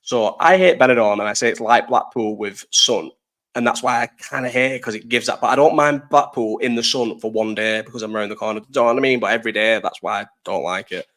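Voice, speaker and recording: A man's voice: mid-range voice, fast talker, a bit bright. A young man from Bolton with a Lancashire accent, hosting a live stream and chatting casually to his viewers, rambling, swearing and laughing a lot. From Bolton, North West England. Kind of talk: casual chat answering live chat.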